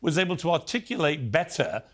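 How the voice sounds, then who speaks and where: A man's voice: on the high side, lively intonation, brisk, fairly bright tone. A man hosting a TV talk show, moderating a debate and cutting in assertively to manage the panel.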